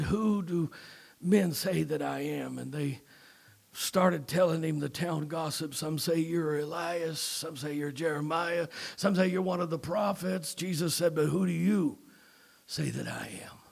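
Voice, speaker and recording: A man preaching a Palm Sunday sermon, repeating "amen" and "uh," swinging between hushed whispers and shouted climaxes. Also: on the high side, fairly even intonation, a little slow, gravelly.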